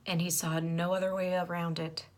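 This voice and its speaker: A woman's voice: lowish voice, little pitch movement, normal speed, a little mellow. A woman giving an earnest, emotional and chatty reaction vlog, laughing often as she talks. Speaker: movie reaction vlogger.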